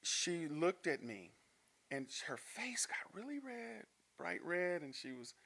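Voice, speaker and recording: Telling personal stories on a podcast, a Denver, Colorado, native in his fifties is an animated storyteller who laughs frequently. He speaks slowly in a slightly high voice with vocal fry.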